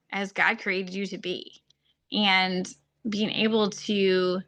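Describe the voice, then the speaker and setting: A woman's voice: mid-range voice, little pitch movement, slow pace, fairly bright tone. A woman hosting a faith-based podcast, talking earnestly and heartfelt in a casual monologue, with plenty of "like" and "um". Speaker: podcast host and faith-based marriage coach.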